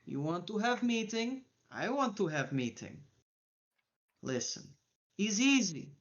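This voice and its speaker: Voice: mid-range voice, very animated, slow, lo-fi sound, pitched above the performer's own voice. The game master voicing a menacing crime boss who speaks broken English and drops small words.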